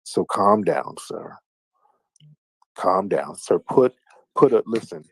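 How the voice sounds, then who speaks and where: Host, male, very low gravelly voice, mocking call-in banter, dry sound. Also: animated, slow, a bit bright, no room sound. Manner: mocking, taunting, sing-song teasing. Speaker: livestream host.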